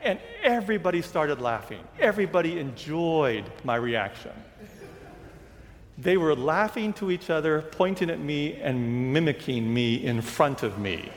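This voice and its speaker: A man's voice: fairly high pitch, lively intonation, a little slow, big-room sound. A male pastor giving a sermon, telling a personal travel story and acting out the reactions of the people in it. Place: church sanctuary.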